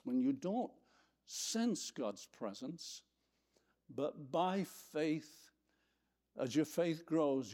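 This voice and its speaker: Slow, reflective male Bible teacher. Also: a little high, dark tone. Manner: reflective, reads scripture aloud, pauses to find his place.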